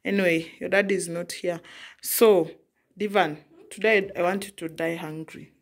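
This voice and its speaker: A woman's voice: fairly low pitch, fairly even intonation, moderate pace. A young mother from Africa scolding her child at home, exasperated, repeating herself. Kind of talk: casual scolding vlog.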